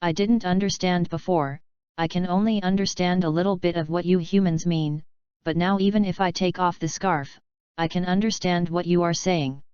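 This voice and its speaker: A woman's voice: on the low side, steady tone, moderate pace, darkish tone, clear, resonant tone, dry recording, lightly acted. A woman voicing a big, silly male dog who talks, eager and complaining. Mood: whiny. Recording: dull lo-fi recording.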